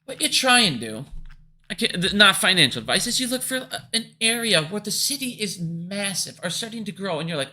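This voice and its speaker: A man delivering an angry, profanity-laced rant straight to his viewers. His voice sits high and bright, jumping from loud outbursts down to low grumbles. He sounds casual and heated throughout. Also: animated, fairly quick. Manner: angry, profane, swings between shouting and muttering. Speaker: finance video host. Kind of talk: profane ranting commentary.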